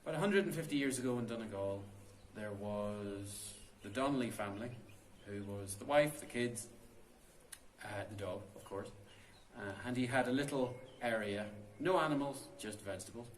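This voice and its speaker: A man's voice: on the low side, moderate pace, slight background noise. A man telling a folk tale in a chatty, unscripted way, inside a stone cave tomb. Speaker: storyteller. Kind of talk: oral folk storytelling. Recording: roomy cave echo.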